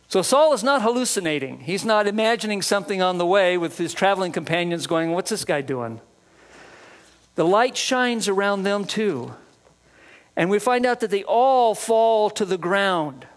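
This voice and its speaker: Guy with a pretty high voice preaching, earnest bible teaching. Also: lively intonation, moderate pace. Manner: earnest teaching, reads scripture aloud. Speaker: pastor. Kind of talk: sermon.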